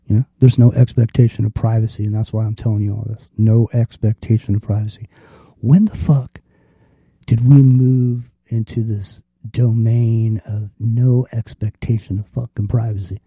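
A man hosting a talk radio show, ranting casually and profanely and acting out street confrontations in quick quoted voices. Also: fairly low pitch, level tone, slightly rough, no echo, muffled recording.

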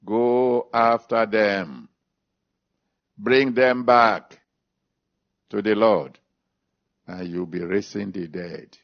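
A man preaching a sermon, reading scripture, then making an altar call and praying. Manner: emphatic preaching with big pitch swings, slow drawn-out phrases. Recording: dull lo-fi recording.

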